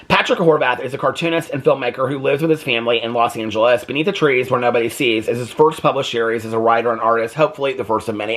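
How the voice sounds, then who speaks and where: A man casually reviewing graphic novels on his book vlog, animated, laughing often and using lots of filler words. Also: medium pitch. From United States.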